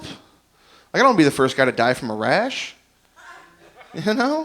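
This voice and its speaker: A man's voice: fairly high pitch, wildly swooping pitch, normal speed, long pauses, fairly bright tone. A young man doing a stand-up comedy set, rambling and self-deprecating as he tells stories and acts out both sides of each conversation.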